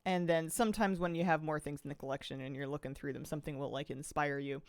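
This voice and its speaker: While gaming on stream, a Pacific Northwest woman chats and rambles, with frequent sighs and a slight lisp. She talks fast in a deep, steady voice. The recording has no echo.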